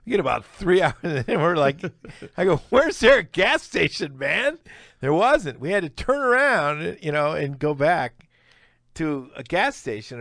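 Gravelly, animated male storyteller. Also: fairly high pitch, dry recording, studio quality. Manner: animated storyteller, acts out quotes, laughs mid-sentence. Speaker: comedian guest. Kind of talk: casual storytelling interview.

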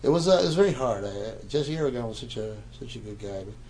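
A man's voice: medium pitch, animated, fast talker, a little mellow, slight background noise. A man in his sixties casually telling a rambling anecdote, stammering and repeating words as he goes.

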